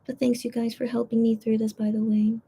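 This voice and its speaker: On a casual stream, a host reading her chat speaks in a voice on the high side that's flat, gravelly, mellow, and slightly rough. She rambles with heavy fillers like "you know" and "like," confiding her emotions and apologising quickly.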